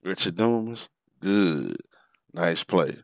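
A man giving casual, animated commentary over a basketball replay, exclaiming and reacting to each play. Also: sits low, slow pace, no room sound. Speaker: sports commentator.

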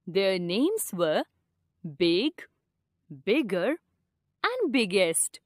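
Slow, sing-song woman storyteller. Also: medium pitch, big pitch swings, no echo, studio quality. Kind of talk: slow children's storybook narration.

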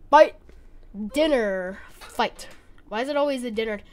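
A woman's voice: a little high, lively intonation, a little slow, long pauses, a little mellow. A woman giving gameplay commentary from a cold bedroom, jittery and squealing when scared, apologizing often. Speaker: gaming YouTuber. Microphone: desk mic.

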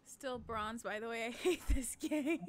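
Woman streamer, playful and giggly, slow easy delivery, a faint noise floor. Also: on the high side. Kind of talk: casual gaming stream chat.

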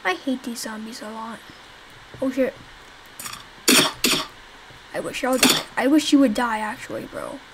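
A young woman with a fairly high voice plays a zombie game she built herself, chatting casually to viewers at a measured pace with frequent pauses. She rambles and swears at the enemies over heavy background noise.

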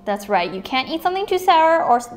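A woman's voice: high-pitched, big pitch swings, fast talker, a little hiss or hum. A woman hosting a toy unboxing video, bubbly and playful, chatting as she opens each item and sometimes slipping into silly voices for the toys.

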